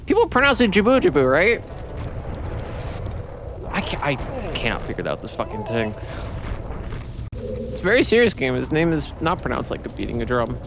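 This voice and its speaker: A man's voice: mid-range voice, sing-song, moderate pace, gravelly, pauses often, noisy background. A man streaming a video game in casual chat, swearing freely and rambling with restarts, tired from poor sleep.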